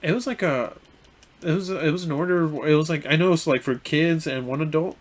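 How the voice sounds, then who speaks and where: A young man recounts a story on a casual podcast, his slightly high voice stumbling through restarts. He acts out the other person's lines as he goes. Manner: halting, full of restarts and fillers, acts out quoted lines. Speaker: podcast co-host.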